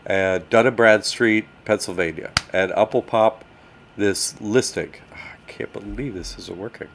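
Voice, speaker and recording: A livestream host with a lowish voice talks casually and animatedly to his chat, unhurried, while he fumbles with his screen. There's a little hiss or hum in the audio.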